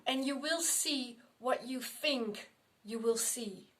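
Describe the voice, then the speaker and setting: A middle-aged woman speaks as a spiritual medium recounting her own experiences. Her voice sits slightly high, and she takes her time, repeating phrases and restarting thoughts as she goes. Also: a bit bright, slight background noise. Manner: unhurried, repetitive, restarting phrases. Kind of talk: personal storytelling to camera.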